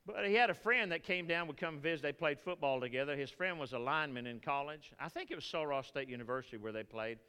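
A man with a Texan accent preaching a sermon as pastor, folksy and animated, telling stories to the congregation. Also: on the high side, quick pace, hardly any pauses, clear, resonant tone, big-room sound. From Texas.

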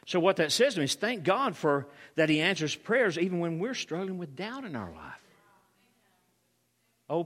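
A man preaching a sermon, acting out reactions with sudden shouts. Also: sits high, in a large hall.

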